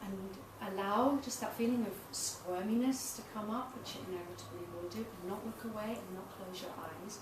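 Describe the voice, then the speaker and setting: Speaking at a moderate pace with hardly any pauses, this woman has a mid-range voice and a candid, self-deprecating way of telling stories, punctuated by laughs. She's a tantra massage teacher addressing the public in a small event space, captured on a noisy, roomy recording from a distant mic.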